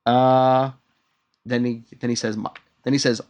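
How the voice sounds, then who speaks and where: A man with a mid-range voice casually walks through a comic story on a podcast. He keeps pausing with fillers, then reads the villain's lines with loose theatrical flair. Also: medium pitch, little pitch movement, darkish tone. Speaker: podcast co-host. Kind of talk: casual chat, recapping a comic.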